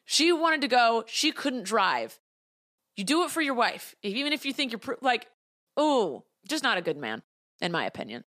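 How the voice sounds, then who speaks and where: A woman's voice: fairly high pitch, sing-song, moderate pace, a bit bright, dry recording. A woman hosting a solo podcast, talking bluntly with a lot of swearing and heated opinions into a close mic. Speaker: podcast host.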